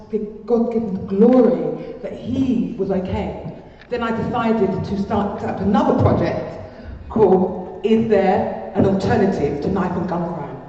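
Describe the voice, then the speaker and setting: A woman's voice: mid-range voice, dark tone, lo-fi sound. Older woman, echoey hall, far off. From England. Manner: heartfelt, rambling, with repeated phrases. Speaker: speaker at a community peace event. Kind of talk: personal testimony speech. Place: large hall.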